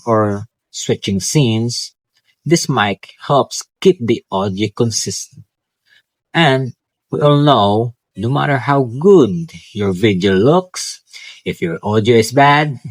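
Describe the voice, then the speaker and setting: Student guy hyped about his gadgets, lowish voice, dry close sound. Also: no room sound. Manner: enthusiastic, with small slips and restarts. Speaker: student vlogger. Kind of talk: casual tech vlog talk. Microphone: clip-on wireless mic.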